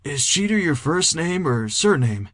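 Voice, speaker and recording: A man's voice: fairly high pitch, very animated, measured pace, fairly bright tone, no echo, studio quality, pitched above the performer's own voice, full character voice. A man voicing a confused, politely formal character with old-fashioned speech. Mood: bewildered.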